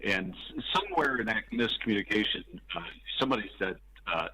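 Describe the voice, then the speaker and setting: A police officer guest on a radio talk show, telling his story matter-of-factly with dark humor. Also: lowish voice, lively intonation, fairly quick, breathy edge, rough recording.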